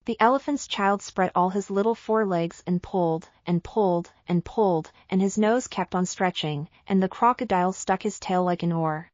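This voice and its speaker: A woman narrating a simple storybook for English learners, slow and careful. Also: mid-range voice, a little mellow, dry recording, lo-fi sound.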